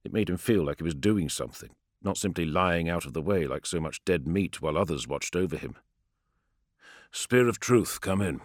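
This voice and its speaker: A man narrating an audiobook in a measured, grave storytelling manner, recorded on a close studio microphone. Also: low voice, dry recording. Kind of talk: scripted dramatic narration.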